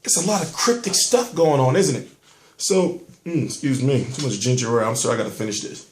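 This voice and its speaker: A man's voice: mid-range voice, a little fast, reverberant, slight background noise. Rambling man hosting a boxing vlog. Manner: rambling, rhetorical questions, profane street talk. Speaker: boxing show host. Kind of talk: casual boxing commentary vlog.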